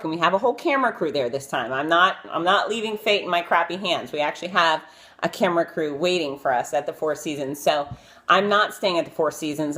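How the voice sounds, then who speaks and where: Chatty self-deprecating woman telling stories. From Florida. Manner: chatty and animated, acting out quotes in a high voice; self-deprecating with frequent fillers. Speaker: vlogger telling stories of celebrity interviews. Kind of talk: casual live-stream storytelling.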